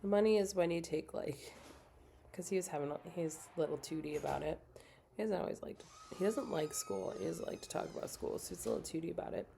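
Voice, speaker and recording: Low, gravelly-voiced woman chatting while crafting. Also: wildly swooping pitch, quick pace, dark tone, a little hiss or hum. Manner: chatty, storytelling with acted-out quotes. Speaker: craft livestreamer. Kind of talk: casual chat while crafting.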